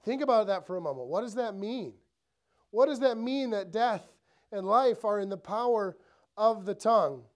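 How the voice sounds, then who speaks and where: A man's voice: high voice, animated, moderate pace. A male pastor preaching a sermon in a church, talking conversationally and asking the room rhetorical questions. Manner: acts out inner thoughts in quoted voices.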